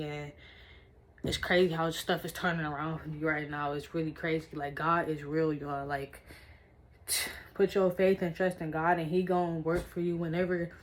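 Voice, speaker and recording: A young woman with a slightly low voice vlogs from her own room. She chats casually and excitedly to her viewers, circling back and repeating herself as she talks. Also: a little hiss or hum. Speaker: vlogger. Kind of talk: casual vlog chat. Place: her room indoors, dimly lit.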